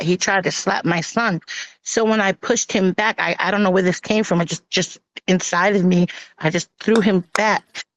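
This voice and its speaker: A woman telling her own hard story on a live stream, halting with many pauses and restarts and acting out what others said. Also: mid-range voice, steady tone. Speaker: guest sharing her personal story. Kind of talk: emotional personal testimony on a live stream. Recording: dull lo-fi stream audio.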